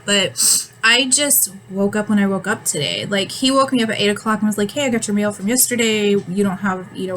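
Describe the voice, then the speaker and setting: A woman's voice: medium pitch, fairly bright tone, slight background noise, low-quality recording. A woman in her thirties, chatting casually to camera, rambling with ums and frequent laughs, a bit winded and yawning. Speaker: vlogger.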